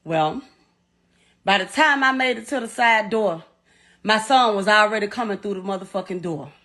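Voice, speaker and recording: A woman's voice: mid-range voice, normal speed, bright, forceful tone. A middle-aged woman, bluntly and emotionally retelling a painful story as a bereaved mother, swearing often and repeating herself. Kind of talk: raw first-person storytelling.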